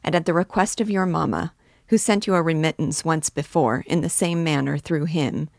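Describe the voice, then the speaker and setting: A timid male office messenger, fussy and overly polite, as a woman reads him. He speaks in a low voice with a dry, close sound. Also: normal speed, gravelly, dry recording. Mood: deferential.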